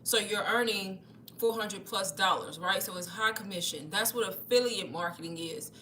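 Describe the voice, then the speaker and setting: A woman's voice: mid-range voice, moderate pace, bright, forceful tone, slight background noise. A young woman hosting a casual livestream, chatty and a little out of breath, calling her viewers y'all. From Texas. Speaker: livestream host.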